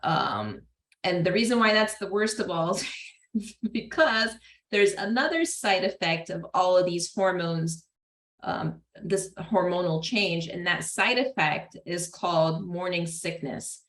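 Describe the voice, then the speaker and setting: A woman's voice: on the low side, animated, a little slow. Chatty woman lecturing in a roomy classroom. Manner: chatty, laughs often, lots of fillers. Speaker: psychology lecturer.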